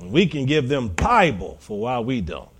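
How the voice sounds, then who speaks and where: A man's voice: on the high side, huge pitch swings, measured pace, creaky, slightly rough. A middle-aged American man, a pastor, preaching a sermon in a folksy storytelling way, acting out quoted conversations. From United States.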